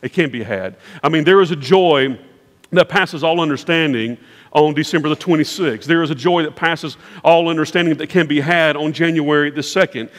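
A pastor with a high voice preaches in an emphatic, repeating cadence, stacking phrases one after another. His voice rings through a large church sanctuary with a long reverb tail. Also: normal speed. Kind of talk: sermon.

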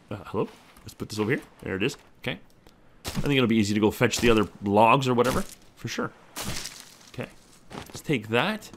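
A young man giving lively let's-play commentary on a survival game, talking to himself and his character. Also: mid-range voice, slight background noise. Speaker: gameplay commentator.

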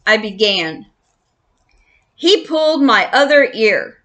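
A woman's voice: on the high side, expressive, slow pace, bright, forceful tone. A woman reading a children's book aloud, friendly and welcoming. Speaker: children's story reader.

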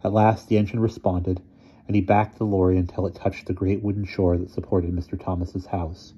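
Deep, husky male storyteller. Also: lo-fi sound. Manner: measured, steady storytelling. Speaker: narrator. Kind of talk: audiobook reading of a short story.

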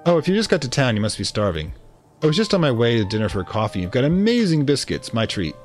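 A man's voice: mid-range voice, very animated, fast, faint music behind, natural voice. A man voicing a prickly older woman who was an old rival of the aunt, speaking in a genteel, gossipy and slightly haughty way. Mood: grand.

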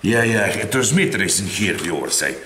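Animated man with a lively, echoey voice. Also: lowish voice, brisk. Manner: animated, theatrical complaining, tags lines with "eh?". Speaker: RC hobby channel host. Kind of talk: casual unboxing chat. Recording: echoey room with faint noise.

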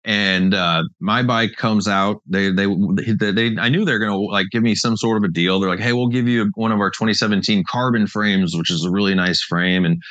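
A man's voice: lowish voice, steady tone, fairly quick, few pauses, a bit bright, dry recording, lo-fi sound. A man hosting a casual chat, telling rambling stories and laughing often. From British Columbia, Canada. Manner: laid-back rambling storyteller, laughs often. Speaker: show host.

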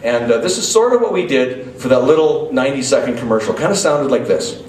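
A man with a Canadian accent telling an animated story to a live audience, acting out quotes with sudden high yelps. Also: fairly quick, slight background noise. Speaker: drummer telling a story at a clinic. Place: music store clinic stage. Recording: roomy live hall, mic at a distance.

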